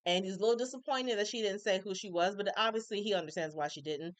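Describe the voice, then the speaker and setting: A woman recapping a TV episode in casual chat, opinionated and animated, acting out characters' lines with colloquial asides. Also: medium pitch, fast talker, dry recording. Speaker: recap reviewer.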